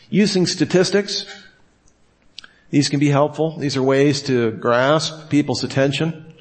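A man teaching a room full of students in a lively, animated way. He throws rhetorical questions out to his listeners and slips into quick voices to act out his examples. His pitch sits in the ordinary middle range for a man. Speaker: teacher of preachers. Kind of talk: classroom teaching.

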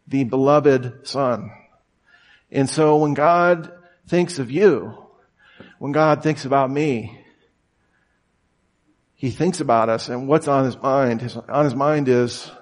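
A man preaching a conversational sermon, telling stories casually with lots of fillers and acting out quotes. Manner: casual and storytelling, many "you know" and "like" fillers; acts out quoted voices with sudden high shouts. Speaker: pastor.

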